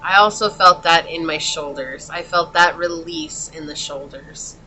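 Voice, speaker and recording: A woman's voice: sits low, measured pace, pushed and bright, a little hiss or hum. A woman doing a pick-a-card tarot reading, talking straight to the viewer in an earnest, consoling way. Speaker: tarot reader.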